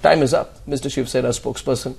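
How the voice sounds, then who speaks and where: A man's voice: medium pitch, fairly even intonation, fast talker, creaky, darkish tone, breathy edge. A man with an Indian English accent moderating a heated TV news debate, interrupting and hammering the same question over and over. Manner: interrupting, repeating phrases insistently.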